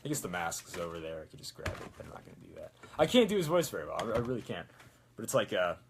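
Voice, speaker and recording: A man's voice: deep voice, sing-song, rapid-fire, vocal fry, background noise. A man chatting casually while making a prop, rambling with self-mocking jokes. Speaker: prop maker. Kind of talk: casual workshop chat.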